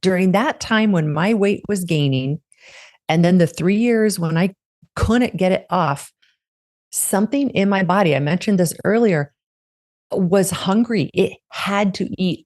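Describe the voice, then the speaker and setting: A woman's voice: fairly low pitch, darkish tone. A middle-aged woman, a podcast guest, telling her personal story in a candid, reflective way. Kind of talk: conversational interview.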